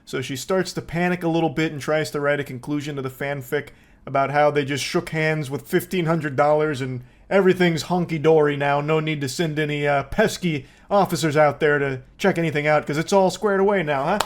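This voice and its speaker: A man narrating reaction commentary in a sarcastic, profane way. His voice sits a little high for a man and often tips into dry mockery. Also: brisk. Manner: sarcastic, profane, breaks into laughter.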